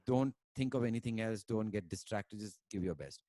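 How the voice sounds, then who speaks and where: A man's voice: lowish voice, moderate pace, warm tone, no echo. A man from India, a musician talking casually on a video call, rambling with many fillers and dropping in Hindi words. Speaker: musician guest. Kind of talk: casual conversation and storytelling.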